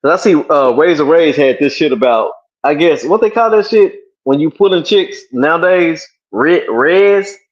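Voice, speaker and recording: Profane livestream host, lo-fi sound. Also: male voice, a little high, animated, normal speed, few pauses. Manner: loose, profane banter. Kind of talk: casual livestream chat.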